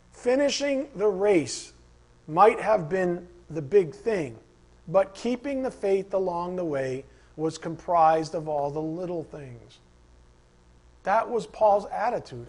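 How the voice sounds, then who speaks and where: Husky man preaching with lively asides. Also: fairly high pitch, unhurried. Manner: animated storytelling with acted asides and rhetorical questions. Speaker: pastor. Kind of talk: sermon.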